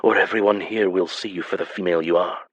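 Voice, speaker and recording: A man playing a husky Highland-brogued lord. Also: fairly even intonation, fast talker, a bit bright, no room sound, muffled recording. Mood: menacing. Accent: Scottish. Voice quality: low husky tenor. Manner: menacing, restrained. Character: brooding French lord faking Highland brogue.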